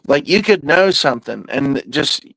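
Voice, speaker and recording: A man's voice: a little high, lively intonation, moderate pace, creaky, pushed and bright, no room sound, poor audio. A man hosting a podcast, telling a loose, profane story in a casual, rambling way. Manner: profane, loose and meandering, with drawled asides. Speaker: podcast host.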